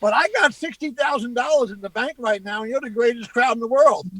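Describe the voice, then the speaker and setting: A middle-aged male comedian, telling animated anecdotes and acting out what people said. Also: very high voice, brisk, no echo, rough recording. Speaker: comedian guest. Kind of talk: casual storytelling.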